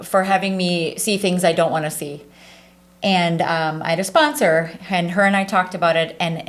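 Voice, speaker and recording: Woman, forties, lowish voice, earnest, heartfelt, casual interview talk. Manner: earnest, heartfelt, with many fillers like "like" and "right". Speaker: charity staff leader.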